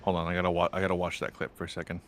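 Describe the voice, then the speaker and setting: A man with a somewhat low voice chats casually on a live stream. He rambles and jokes with his viewers. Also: monotone, rapid-fire, a little hiss or hum. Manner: joking, rambling, chatty with viewers.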